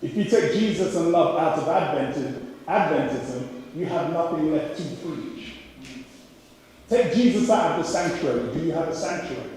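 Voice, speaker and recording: A man's voice: fairly high pitch, lively intonation, normal speed, darkish tone, slight background noise. A man with a Jamaican accent preaching an impassioned sermon as a pastor, building his points with repeated rhetorical questions. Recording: echoey hall, mic from far off.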